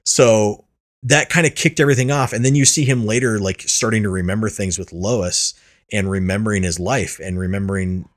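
A man's voice: lowish voice, fairly quick. A man hosting a casual podcast chat, rambling and restarting his sentences, swearing freely. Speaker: podcast host.

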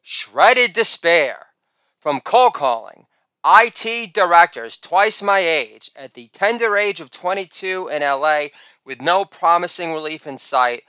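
A man narrating a comic memoir in a wry, rapid-fire storytelling manner, breaking into shouted catchphrase bursts. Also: a little high, expressive, clear, resonant tone, dry recording.

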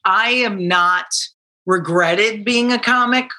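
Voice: medium pitch, takes it slowly, pushed and bright. A retired stand-up comedian in a casual conversation, agreeable and reflective, thinking aloud.

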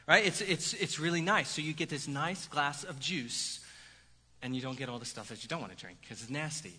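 A pastor preaching a sermon in a lively, conversational way, with "right?" asides to the congregation. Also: male voice, a little high, fairly quick, slightly rough. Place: church sanctuary. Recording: hall reverb.

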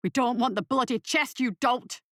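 Woman doing a gruff, scolding old soldier. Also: medium pitch, brisk, no echo, clean studio sound, natural voice. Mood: angry. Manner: gruff, exasperated, berating.

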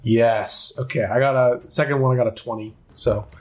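A man at a tabletop game, easygoing and a little hesitant as he explains what his character does. His pitch is middle range. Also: steady tone, moderate pace. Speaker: player. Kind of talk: casual tabletop game play.

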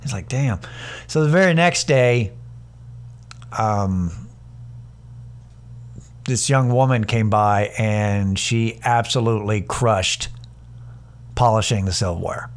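A man's voice: on the low side, slow pace, long pauses. Man telling a workplace story. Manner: animated, acts out both sides of a quarrel in quoted voices; casual and profane, many restarts and fillers. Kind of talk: storytelling comedy monologue.

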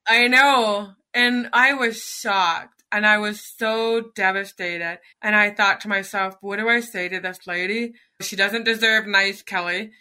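A woman's voice: medium pitch, steady tone, unhurried, hardly any pauses, pushed and bright, clear, resonant tone. A middle-aged woman, a podcast guest, telling a personal story in an earnest, emotional way.

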